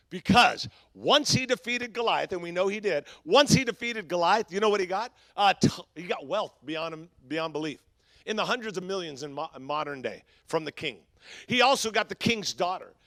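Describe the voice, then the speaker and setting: Pastor guy preaching, high bright voice, goes from shouting to quiet, kinda gravelly. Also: no echo, studio quality. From Southern California. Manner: swings from shouting to hushed, conversational with fillers. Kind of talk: sermon.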